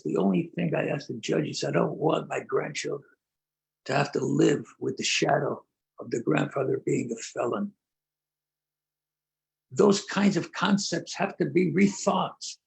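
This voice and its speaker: Gravelly older man, earnest and measured. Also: on the high side, poor audio. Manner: earnest, measured, with deliberate slowed emphasis. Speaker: rabbi and prison-outreach leader. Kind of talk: conversational talk, storytelling.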